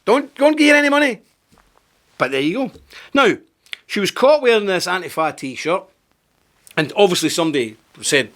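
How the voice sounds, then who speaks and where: A man's voice: high voice, big pitch swings, fairly quick, a bit bright. A man delivering indignant, sarcastic video commentary.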